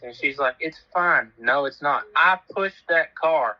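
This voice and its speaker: A man's voice: fairly high pitch, measured pace, few pauses, muffled recording. Laid-back man telling a story. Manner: laid-back, laughs at himself, swears freely. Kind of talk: casual storytelling chat.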